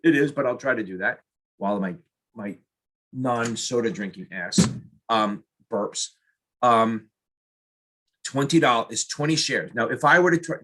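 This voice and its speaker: A middle-aged man with a bright, forceful tone and a husky edge reads practice exam questions aloud and reasons through each answer on the spot. He jokes at his own expense and chats to himself as he works. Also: mid-range voice. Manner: jokey, self-mocking, talks to himself while solving. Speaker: exam prep tutor.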